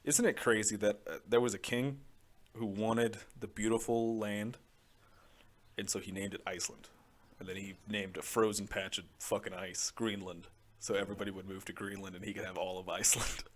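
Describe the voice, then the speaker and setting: A man's voice: fairly low pitch, steady tone, moderate pace. A young man hosting a podcast, talking in casual chat that rambles with many fillers and frequent laughs. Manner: rambling, full of "like", laughs often. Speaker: podcast host.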